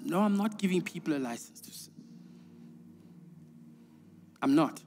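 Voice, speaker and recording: Male pastor, high voice, emphatic sermon delivery with repetitions, long hall reverb. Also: lively intonation, quick pace, soft background music. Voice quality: emphatic, repeats words, swings between hushed and high urgent preaching. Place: church auditorium.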